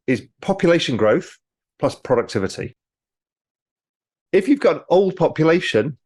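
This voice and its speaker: A man, a guest in an interview, explaining with lively storytelling. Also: on the high side. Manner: animated storyteller, mimics people in quotes. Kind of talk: casual interview talk.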